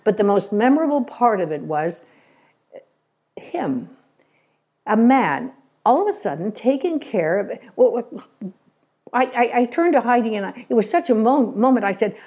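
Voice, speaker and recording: An older woman giving a conversational church talk, telling stories with wry asides and sometimes repeating words as she gets excited. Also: on the high side, measured pace, pauses often, slightly rough. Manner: folksy storytelling with wry asides. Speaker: church speaker.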